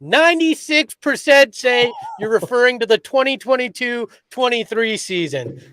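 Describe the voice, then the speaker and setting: A man's voice: very high-pitched, lively intonation, moderate pace, fairly bright tone, dry recording. A man co-hosting a sports podcast, chatting casually with dry teasing. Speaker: podcast co-host.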